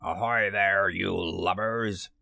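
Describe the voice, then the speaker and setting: A man reading a storybook and voicing a cocky boy who mimics a pirate captain with gruff, slow commands. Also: deep voice, steady tone, sharp tone, no room sound, studio quality, full character voice.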